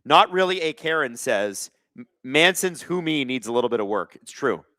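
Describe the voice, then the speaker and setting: A man hosting a live hockey watch-along, reading viewer chat aloud and calling plays with excitable energy. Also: mid-range voice, normal speed, no echo, clean studio sound.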